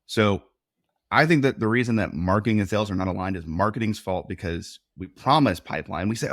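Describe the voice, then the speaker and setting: Low-voiced man explaining marketing confidently. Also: fairly quick, no echo, studio quality. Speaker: podcast guest, marketing director. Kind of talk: conversational interview.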